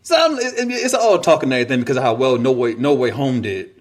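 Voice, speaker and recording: A man's voice: medium pitch, sing-song, quick pace. A man co-hosting a casual podcast chat, laid-back and laughing often, trailing off and restarting his sentences. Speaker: podcast co-host.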